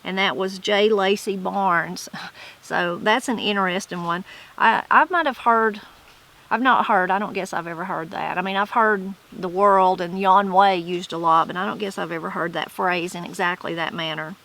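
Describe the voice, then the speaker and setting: Appalachian lady reading old dictionary entries then chatting about em, clear bright tone. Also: lowish voice, fairly even intonation, moderate pace, poor audio. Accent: Southern Appalachian. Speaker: channel host. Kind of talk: casual explanation of regional words.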